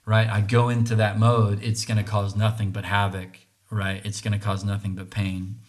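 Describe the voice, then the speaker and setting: An earnest man speaking as a podcast host, thinking aloud about relationships. He circles back, restarts his phrases and keeps checking in with a quick "right?". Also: lowish voice, little pitch movement. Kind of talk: reflective monologue on relationships.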